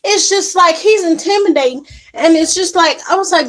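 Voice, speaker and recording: High-voiced woman telling an indignant story. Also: normal speed. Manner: animated, indignant retelling with acted quotes. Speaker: vlogger. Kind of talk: casual storytelling to camera.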